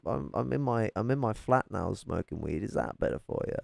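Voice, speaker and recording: A man ranting angrily and profanely as he reacts to political clips from his flat. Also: on the low side, brisk, creaky, dry recording. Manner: angry, profane, confrontational.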